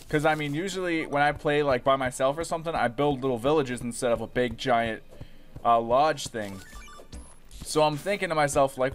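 A young man giving casual, profane let's-play commentary, rambling and breaking into excited yells. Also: medium pitch. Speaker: gaming YouTuber.

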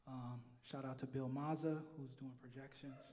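A man introducing his band from the stage of a live concert, speaking in halting, unhurried phrases with pauses. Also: mid-range voice, level tone, warm tone. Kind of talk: onstage announcement at a live concert. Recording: reverberant live hall with noise.

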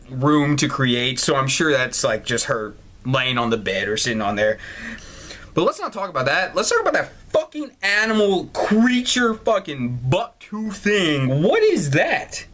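A man hosting a gaming channel, doing loud, profane let's play commentary with lots of incredulous outbursts. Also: mid-range voice, animated, moderate pace. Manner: loud, swearing, incredulous, laughs a lot.

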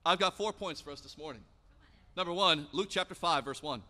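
A high, bright male voice preaching in a church, with a long hall reverb trailing each phrase. He tells Bible stories in a relaxed, conversational way and slips casually into the characters' lines. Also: a little fast. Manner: storytelling preacher, acts out biblical dialogue casually. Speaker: pastor. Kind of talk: sermon. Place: church sanctuary.

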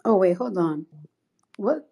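Heated and rambling, a New York-accented woman keeps restarting as she swears bluntly on a casual livestream. Her medium-pitched voice is expressive, creaky and mellow, and she speaks at a slow pace.

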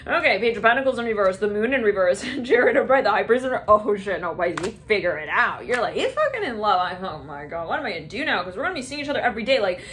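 A woman's voice: medium pitch, big pitch swings, fast talker, few pauses, fairly bright tone, slight background noise. A woman giving a casual tarot reading, rambling and giggling often, with some swearing. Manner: giggly, rambling, frequent laughter and profanity. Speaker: tarot reader.

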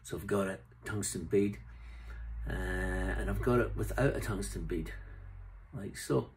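Speaking a little slowly in a low, a little mellow voice, a middle-aged Scotsman vlogs casually to camera from his roadside camp. He jokes and rambles about the flies he ties and sells, with slight background noise in the clip.

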